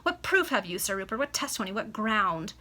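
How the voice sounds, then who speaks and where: Woman voicing a trembling noble lady, pleading, distraught, bright tone, video call. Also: medium pitch, very animated, brisk. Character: distraught aristocratic wife, frightened and pleading. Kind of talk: amateur read-aloud.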